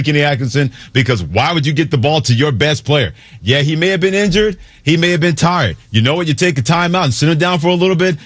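A man's voice: a little high, a bit bright, no echo. A man hosting sports talk radio, telling stories theatrically and delivering sarcastic critique into a studio microphone.

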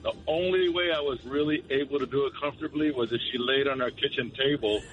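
A man calling in to a radio show, telling a story slowly with many restarts. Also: mid-range voice, dull audio, soft background music. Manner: slow, measured storytelling with restarts. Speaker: caller.

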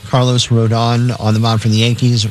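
A man on sports radio reading out games and betting lines in a matter-of-fact way, with filler pauses. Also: medium pitch, monotone, a little mellow, soft background music.

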